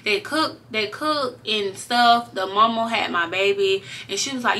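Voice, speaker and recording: A young woman telling a story to her viewers in a casual, animated way, swearing freely as she goes. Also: medium pitch, measured pace, hardly any pauses. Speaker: vlogger.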